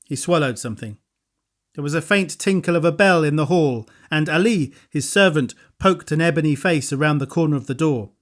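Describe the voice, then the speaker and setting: Man narrating in a slightly high voice. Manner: measured, even storytelling delivery. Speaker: audiobook narrator. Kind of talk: scripted narration.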